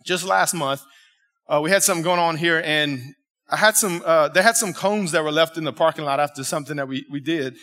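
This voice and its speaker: A male pastor preaching a sermon in a church, telling a story in an animated, emphatic way and talking directly with the congregation. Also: on the high side, brisk. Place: church sanctuary.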